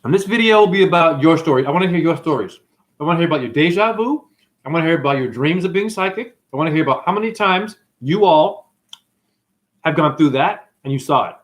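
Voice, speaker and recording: A fast-talking livestream host with a fairly high-pitched voice rambles on excitably. He tells stories full of swearing and fields comments from chat.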